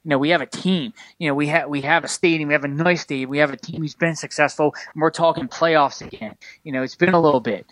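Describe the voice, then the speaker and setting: Passionate male podcast co-host, rambling fan rant, slightly high voice, dry booth sound. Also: fairly even intonation, quick pace, hardly any pauses, fairly bright tone, dry recording. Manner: passionate, fired up, rambling with many fillers. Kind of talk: casual sports podcast rant.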